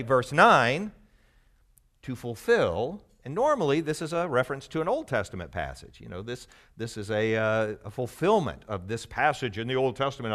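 A man's voice: medium pitch, big pitch swings, normal speed, fairly bright tone. A man giving a conversational, explanatory Bible teaching to a live group, teasing the audience now and then.

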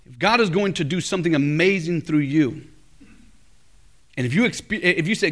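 A middle-aged male pastor preaching a sermon at a college chapel, telling stories with big swings from loud to hushed. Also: on the high side, lively intonation, normal speed, pauses often.

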